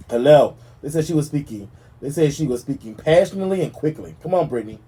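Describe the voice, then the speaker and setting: A man hosting his own gossip show, telling stories in a sassy, animated way with dramatic asides. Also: on the high side, quick pace, husky. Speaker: podcast host. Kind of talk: casual gossip commentary.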